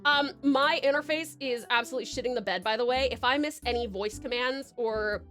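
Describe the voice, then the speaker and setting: A woman's voice: fairly high pitch, a little fast, fairly bright tone, faint music behind. A young Australian woman chatting casually on a live stream, bubbly and giggly, rambling with lots of fillers.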